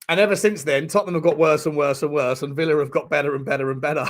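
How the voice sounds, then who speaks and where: A man hosting a live football watchalong stream, reacting to the chat in an excitable, sweary way with bursts of laughter. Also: on the high side, very fast, few pauses.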